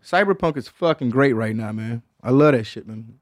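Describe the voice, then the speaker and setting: A man's voice: medium pitch, animated, moderate pace, no echo, clean studio sound. A man from Detroit hosting a podcast in casual chat, rambling and slangy and swearing often, with "man" at the end of many lines. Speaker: podcast host.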